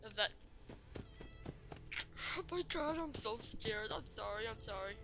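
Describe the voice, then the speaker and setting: Gamer lady talking slow and kinda high, jumpy and sorry-sounding, game music going behind her. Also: expressive. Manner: jumpy, rambling, keeps apologizing to viewers. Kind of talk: let's play commentary.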